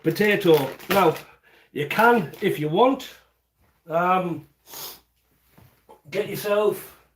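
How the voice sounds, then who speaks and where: Guy rambling through a recipe in his kitchen, bit high voice, faint hiss behind. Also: extremely slow. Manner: chatty, rambling step-by-step explaining. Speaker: home cooking channel host. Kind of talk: casual cooking livestream. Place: home kitchen.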